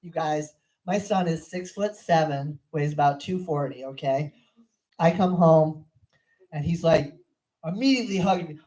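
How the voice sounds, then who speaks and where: A woman's voice: low-pitched, measured pace, warm tone, poor audio. A middle-aged woman performing a crude, profane stand-up routine on a comedy club stage. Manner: crude, profane, brash storytelling.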